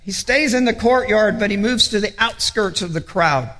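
A man's voice: sits high, normal speed, sharp tone, in a large hall. A man preaching a sermon, earnestly retelling a story and acting out its quotes for children. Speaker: pastor.

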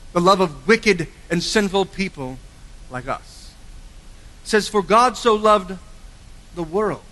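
A man preaching a sermon with earnest emphasis, swinging from forceful lines to quiet, low endings. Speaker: pastor. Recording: long hall reverb.

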